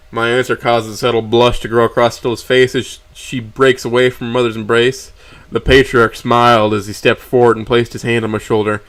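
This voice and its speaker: A man's voice: mid-range voice, fairly even intonation, fairly quick, fairly bright tone. A man reading a story aloud on a stream, stumbling and correcting himself as he reads.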